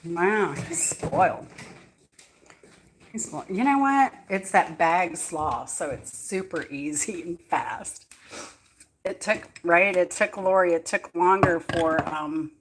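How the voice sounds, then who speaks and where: Woman, cooking vlog host, slightly low voice, unhurried rambling storyteller, laughs a lot. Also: slight background noise. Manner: rambling, with many fillers and restarts; laughs often while telling stories. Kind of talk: casual storytelling chat. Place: home kitchen.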